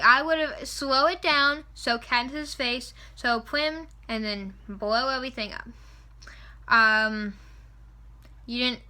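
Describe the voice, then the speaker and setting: A young woman rambling excitedly and with strong opinions in a casual vlog, close to a camera mic indoors. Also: high-pitched. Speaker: vlogger reviewing a film. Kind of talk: casual chat. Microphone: camera mic at close range.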